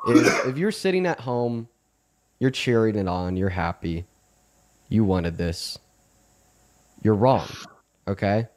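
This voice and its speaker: A man's voice: on the low side, lively intonation, takes it slowly, long pauses, darkish tone. A man hosting a livestream, earnest and repetitive, often restarting his words. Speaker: livestream host. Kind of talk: livestream commentary.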